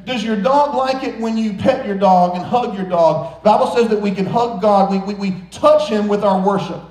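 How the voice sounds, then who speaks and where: Male pastor preaching, high bright-toned voice, joking between earnest points, big echoing church hall. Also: moderate pace. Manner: playful, joking asides between earnest exhortations. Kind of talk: sermon. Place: large church sanctuary.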